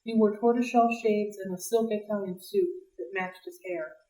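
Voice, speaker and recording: A woman reading a novel aloud for a library read-along, in a lively, expressive way. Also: mid-range voice, moderate pace. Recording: roomy, distant mic.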